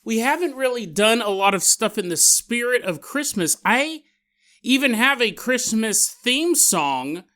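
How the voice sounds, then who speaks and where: Bright-voiced joking podcast host man. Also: high voice, smooth. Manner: rambling, jokey, laughs often. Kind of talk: casual storytelling podcast.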